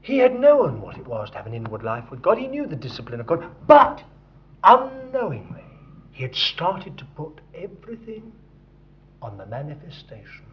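A man preaching a sermon, dropping to hushed tones and rising to loud emphasis. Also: on the high side, huge pitch swings, moderate pace. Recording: dull lo-fi recording.

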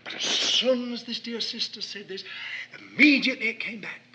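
A man's voice: extremely high pitch, animated, moderate pace, pushed and bright, slight background noise, rough recording. A man preaching a sermon, telling a personal story in an earnest, anecdotal way.

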